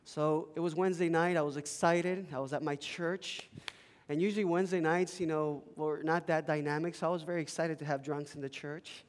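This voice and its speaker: A pastor whose first language is Spanish, telling an animated, emphatic story during a sermon in a chapel. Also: male voice, a little high, fairly quick. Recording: long reverb in a chapel.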